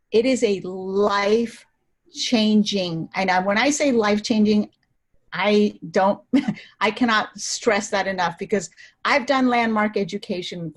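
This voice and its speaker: A woman speaking as an interview guest, talking eagerly with frequent restarts and bursts of laughter. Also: medium pitch. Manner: eager, restarts often, laughs when excited. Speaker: interview guest, wellness practitioner. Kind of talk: enthusiastic interview talk.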